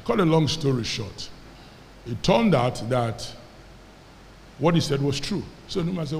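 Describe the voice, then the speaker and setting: A Nigerian man preaching a sermon, telling a story with lively quoted dialogue and having the congregation repeat after him. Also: on the high side, a little slow, vocal fry, long pauses, in a large hall, slight background noise. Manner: animated storyteller, quoting characters, calling on the congregation to repeat. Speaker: pastor.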